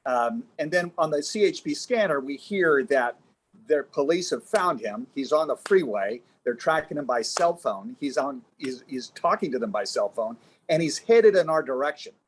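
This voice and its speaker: A man with a slightly high voice tells a story, pausing often as he searches for the words. He speaks as a former TV news reporter and guest, and the delivery is casual. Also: lively intonation, slightly rough. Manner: halting, recollecting, pausing to find words.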